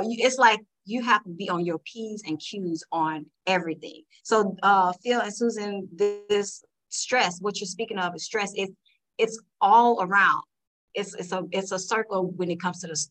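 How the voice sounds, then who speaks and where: Woman, panel guest, animated storyteller, mid-range pitch. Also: a little slow, rough recording. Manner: animated storytelling, acting out customers' lines. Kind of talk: casual podcast discussion.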